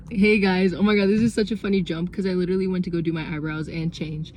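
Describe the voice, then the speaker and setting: A woman's voice: on the low side, fairly even intonation, quick pace, a little mellow, a little hiss or hum. A young woman talking earnestly in a casual vlog from inside her car, with lots of fillers. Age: young adult. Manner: chatty, earnest, many fillers. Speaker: vlogger.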